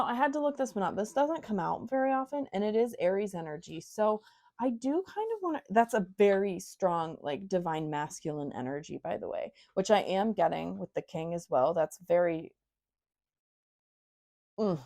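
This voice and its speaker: A woman's voice: medium pitch, animated, normal speed, dark tone. A young woman giving a casual, intuitive tarot reading to her viewers, talking frankly with lots of fillers and asides. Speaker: tarot reader.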